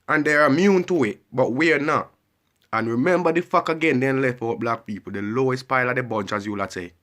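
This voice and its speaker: A man's voice: medium pitch, a little fast, a bit bright. A man delivering a heated, repetitive ranting monologue and pressing the listener with questions. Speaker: vlogger.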